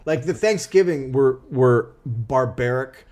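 A man co-hosting a comedy podcast, telling a dark history story in a sardonic, profane way. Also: mid-range voice, animated, slow.

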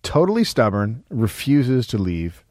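A man co-hosting a comedy podcast who tells a history story in a casual, profane, laid-back way, often pausing with "um". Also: medium pitch, sing-song, a little mellow, no room sound, clean studio sound.

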